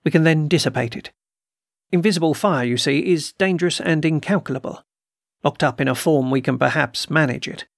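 A man voicing a calm, deliberate occult doctor. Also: a little high, vocal fry, dry recording, studio quality. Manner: quiet, slow and deliberate. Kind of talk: audiobook character reading.

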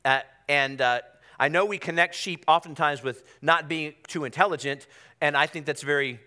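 A man with a bright, forceful voice delivers a sermon in a church. He speaks conversationally, and he often repeats a phrase or calls on the congregation to answer aloud. His pitch sits a little above the usual for a man. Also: normal speed. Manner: conversational preaching with repetitions and call-and-response. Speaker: pastor. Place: church sanctuary.

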